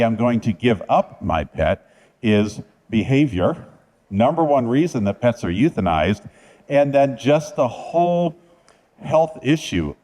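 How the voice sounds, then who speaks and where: Earnest man with a mellow voice. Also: mid-range voice, rough recording. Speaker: animal welfare speaker. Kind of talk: talk to an audience.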